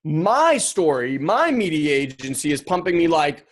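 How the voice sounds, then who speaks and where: A man's voice: fairly high pitch, normal speed, hardly any pauses. A man hosting a podcast, talking casually and animatedly about a personal insight and acting out quoted thoughts. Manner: animated, acts out quoted inner voices. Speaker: podcast host. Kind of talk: casual motivational monologue.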